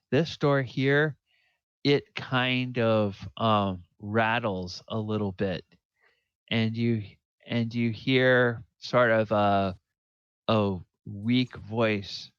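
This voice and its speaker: A man narrating as game master of a tabletop game, unhurried, with fillers and pointing at the map. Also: fairly low pitch, clear, resonant tone, dry recording, highs cut off.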